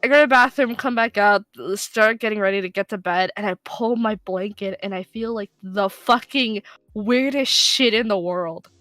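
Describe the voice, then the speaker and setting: A woman who voice-acts, casually telling a story during a game stream, animated and swearing, with loud excited bursts. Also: mid-range voice, normal speed, no echo, faint music behind. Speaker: guest co-player, voice actor.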